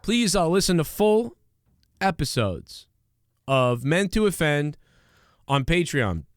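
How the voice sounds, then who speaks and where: A man's voice: fairly high pitch, very animated, takes it slowly, no room sound, clean studio sound. A young man hosting a podcast, ranting casually with lots of swearing, fillers and restarts. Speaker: podcast host. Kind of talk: casual comedic rant.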